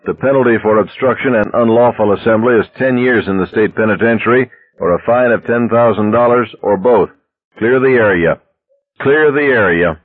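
A man reading a story aloud, voicing police orders over a bullhorn in flat, commanding, chanted announcements. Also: lowish voice, moderate pace, natural voice. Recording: dry tinny phone-like sound.

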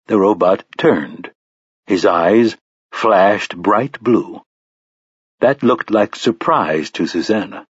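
Husky-voiced man narrating a story. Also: on the low side, no echo, dull audio. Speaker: audiobook narrator. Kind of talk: scripted narration.

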